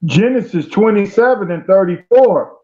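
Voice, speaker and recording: A man reading scripture aloud, loud and declamatory, recorded dull and distant. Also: high voice, animated, moderate pace. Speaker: scripture reader. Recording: dull lo-fi sound, distant from mic.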